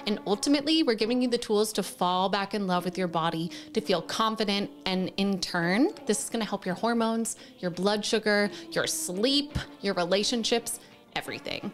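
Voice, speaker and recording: Podcast host, woman, 30s, casual and emotional, middle pitch, light music bed. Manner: effusive, emotional, heartfelt gushing. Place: indoor room.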